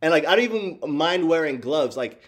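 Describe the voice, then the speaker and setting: A man in casual chat with his viewers, animated and profane, laughing often and calling them y'all. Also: a little high, a little fast. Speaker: streamer talking to chat.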